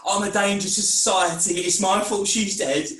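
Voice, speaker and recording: Man as an anguished guilty young man, halting, echoey room, distant mic. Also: high-pitched, fairly even intonation, a bit bright. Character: guilt-ridden young man, self-doubting and defensive. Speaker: actor in an online script reading. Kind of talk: online script reading. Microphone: video call mic.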